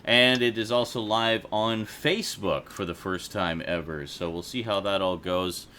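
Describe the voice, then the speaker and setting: Over slight background noise, a man runs a relaxed home livestream through a desk USB mic. His lowish voice is bright and forceful, his pace measured, and he rambles, laughs frequently, and curses casually.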